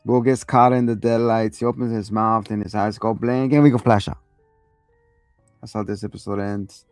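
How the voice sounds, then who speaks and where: A man's voice: on the low side, steady tone, moderate pace, darkish tone, no room sound, soft background music. A man hosting a casual episode recap, loose and profane, acting out quotes along the way. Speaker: host.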